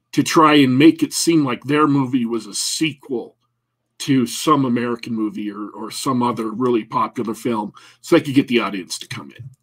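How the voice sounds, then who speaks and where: A man's voice: mid-range voice, slightly rough. A man co-hosting a casual talk show, rambling and joking with many restarts. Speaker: podcast co-host. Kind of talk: casual chat.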